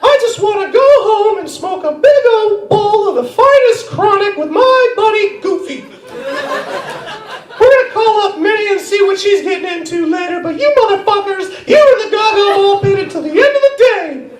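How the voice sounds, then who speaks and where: A man voicing a cheerful cartoon mouse teacher who flips into profane, shrieking rants in a squeaky falsetto. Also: sing-song, takes it slowly, few pauses, crowd noise, exaggerated voice. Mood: ranting. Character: cheerful cartoon mouse teacher snapping into foul-mouthed rage. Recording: roomy theater sound from a distant mic.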